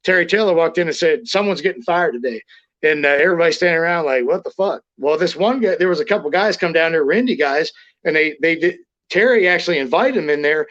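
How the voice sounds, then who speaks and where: Male guest, high voice, brash and profane storyteller, dull lo-fi sound. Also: fast talker. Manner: blunt, swears constantly, acts out quotes loudly. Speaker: interview guest, former wrestler.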